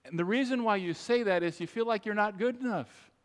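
A man's voice: high-pitched, a little fast. Man preaching in a reverberant church. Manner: emphatic preaching with repeated phrases, addresses the congregation directly. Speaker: pastor. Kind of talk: sermon. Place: church sanctuary. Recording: long reverb of a large church.

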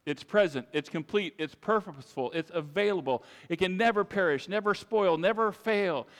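A man's voice: sits high, moderate pace, fairly bright tone. A man preaching a sermon to his congregation, emphatic and repetitive, speaking to them directly. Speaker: pastor. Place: church sanctuary. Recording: long reverb of a large church.

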